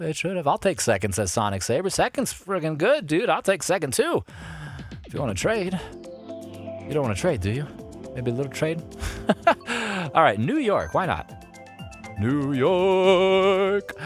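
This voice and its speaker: A man streaming a kart racing game live, commenting playfully and excitably while chatting with his viewers. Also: medium pitch.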